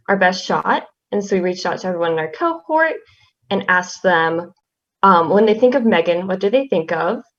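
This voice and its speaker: A young woman reads a tribute poem aloud, soft-spoken and halting, with fillers between phrases. Her voice sits at an ordinary middle pitch. The audio is slightly dull and lo-fi. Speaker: class representative.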